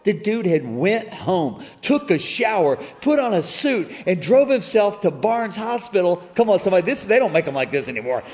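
Middle-aged male pastor with a high voice, storytelling sermon style that rallies the crowd, big hall echo. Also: moderate pace, few pauses. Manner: animated storytelling, calls out to the congregation. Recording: reverberant church hall.

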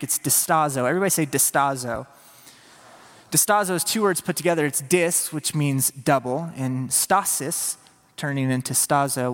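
A man's voice: on the high side, a bit bright. A man preaching a sermon in an earnest, conversational way, sometimes acting out a pleading voice. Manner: earnest, voices Peter's inner plea in a raised pleading tone. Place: church. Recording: long hall reverb.

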